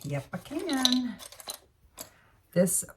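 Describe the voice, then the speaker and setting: A woman's voice: high voice, very animated, extremely slow, recorded from a distance, noisy background. A woman beauty vlogger talking casually through her makeup routine, rambling and correcting herself with murmured asides. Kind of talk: casual makeup tutorial chat.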